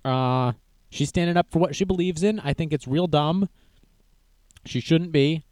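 A man's voice: fairly high pitch, unhurried, a little mellow, no echo. A man giving sarcastic, rambling casual commentary as he reacts to a video.

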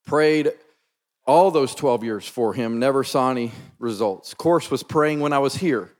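A man's voice: mid-range voice, measured pace. A man preaching a sermon, telling a personal story in an earnest, emphatic, conversational way. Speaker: pastor. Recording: long reverb from a large hall.

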